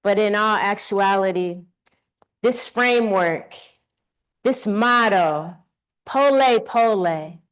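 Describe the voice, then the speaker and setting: A woman giving an energetic motivational keynote on a conference stage, leading the audience in call-and-response. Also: medium pitch, slow pace, long pauses, smooth. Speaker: keynote speaker.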